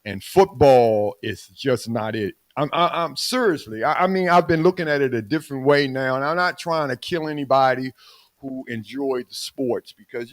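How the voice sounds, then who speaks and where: A man's voice: medium pitch, lively intonation, normal speed, dry recording. Older man, Baltimore accent, casual podcast chat, preachy and teasing, dry close sound. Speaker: podcast co-host.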